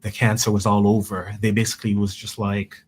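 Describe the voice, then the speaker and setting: Man from Jamaica, low-pitched, flat delivery, halting earnest interview guest, faint background noise. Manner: halting, restarts often, earnest. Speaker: guest researcher. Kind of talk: interview, personal story.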